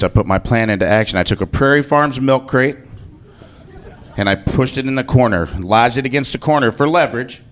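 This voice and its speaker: A man telling a personal story to an audience in a casual, joking way, swearing freely. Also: lowish voice. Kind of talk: live comic personal storytelling.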